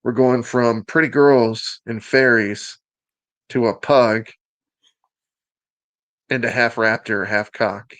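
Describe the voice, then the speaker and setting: Southern man, show host, joking and upbeat, mid-pitched, dry sound. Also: steady tone, slow, pauses often, a bit bright, dry recording. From Alabama. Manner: joking, upbeat, teasing asides. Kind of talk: casual show presentation.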